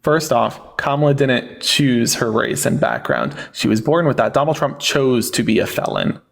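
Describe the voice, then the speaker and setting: A man in his forties hosting a heated live debate, mocking and condescending, who keeps telling his guests to calm down. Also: mid-range voice, moderate pace, vocal fry. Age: 40s.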